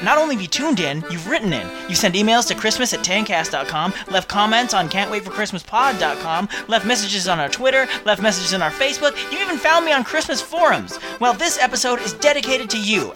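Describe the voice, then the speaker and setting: A man hosting a podcast, chatting in an upbeat way and reading out listener mail with chatty asides. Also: high-pitched. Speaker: podcast host.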